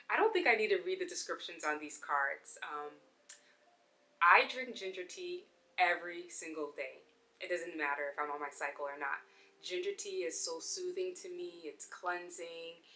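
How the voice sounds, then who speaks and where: Bright-voiced gentle woman yoga host. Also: on the low side, rough recording. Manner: gentle, chatty, gets excited. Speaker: yoga teacher and channel host. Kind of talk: casual talk to camera while pulling oracle cards.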